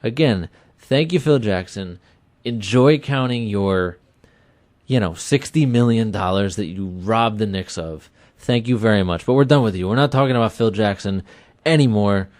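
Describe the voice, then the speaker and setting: A man in his thirties hosting a sports talk radio show, chatty and energetic, repeating himself for emphasis. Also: on the low side, normal speed, no echo. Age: 30s. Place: small web radio studio.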